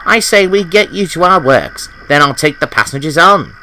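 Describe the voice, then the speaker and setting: A man's voice: a little high, moderate pace, a little hiss or hum, voice pushed up, poor audio. A man voicing an eager little tank engine. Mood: earnest. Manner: bright, excitable, sometimes huffy. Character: eager cheerful young male tank engine. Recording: festive music with jingle bells behind.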